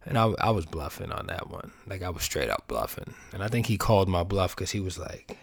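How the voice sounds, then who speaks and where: A man's voice: sits low, animated, a little fast, gravelly, hardly any pauses, no echo, clean studio sound. A young man telling a profane, rambling comedy story, acting out both sides of the conversations.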